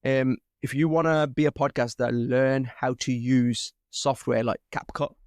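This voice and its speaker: A young man hosting a casual podcast, talking in an animated way with lots of swearing and laughter. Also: mid-range voice, unhurried, smooth, no room sound, clean studio sound. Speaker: podcast host.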